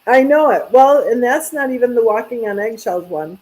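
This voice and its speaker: A woman's voice: a little high, expressive, normal speed, a little mellow, rough recording. A woman hosting a casual chat, rambling and trailing off, sleepy. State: sleepy, yawning. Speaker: channel host.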